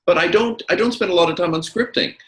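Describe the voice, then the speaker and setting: A man's voice: high-pitched, quick pace, a bit bright, reverberant, rough recording. A man interviewing a guest as a communications coach, speaking emphatically and often repeating words as he starts a thought. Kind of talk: animated conversational interview.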